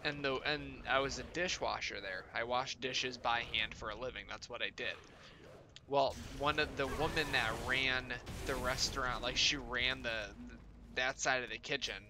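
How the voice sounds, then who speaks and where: A man's voice: mid-range voice, steady tone, moderate pace, background noise. A man chatting casually with his viewers as a streamer, rambling with lots of swearing and fillers.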